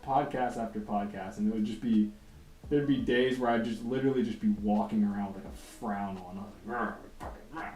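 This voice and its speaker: A man of middle pitch talks in a loose, rambling way, casual and profane, laughing at his own stories. His tone is mellow and unhurried. The room is echoey, with faint music playing behind him. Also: steady tone. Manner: laid-back, rambling, profane, laughs often. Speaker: comic artist livestreaming while drawing. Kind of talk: casual chat.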